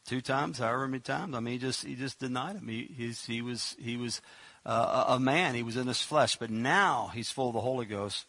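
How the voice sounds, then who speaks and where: Pastor, middle-aged man, playful sermon delivery, crisp bright tone. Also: mid-range voice, a little fast, no echo. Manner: jokey, animated, acts out Bible scenes.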